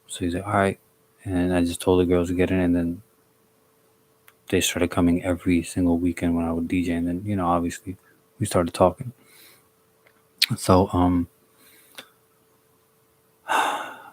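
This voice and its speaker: A young man with a deep voice tells a personal story to his live stream chat. He speaks in an even, flat tone, stalling and restarting often. His wording is blunt, with casual swearing. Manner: halting, with many restarts and fillers.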